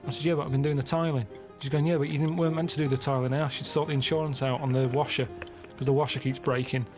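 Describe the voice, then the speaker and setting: A man from England speaking in a flat, deadpan way, as if every mundane detail were normal. His pitch sits in the middle of the male range. Music plays clearly behind his voice. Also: rapid-fire. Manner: deadpan, matter-of-fact storytelling. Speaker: regular on comedy podcast. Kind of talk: casual comedic chat.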